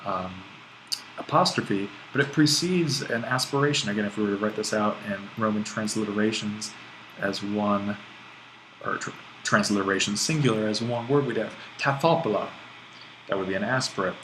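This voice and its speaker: Guy with a lowish voice walking through a lesson, kinda thinking out loud, little restarts, faint hiss behind. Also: moderate pace, rough recording. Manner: explanatory, thinking aloud with restarts and fillers. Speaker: Greek language instructor. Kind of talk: recorded online lecture.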